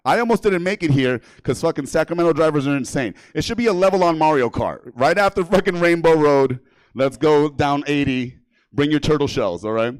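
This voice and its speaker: Brash and profane, a New York stand-up comedian works through his set on a comedy theater stage while laughing at his own jokes. He talks a little fast in a smooth voice on the high side, with no room sound.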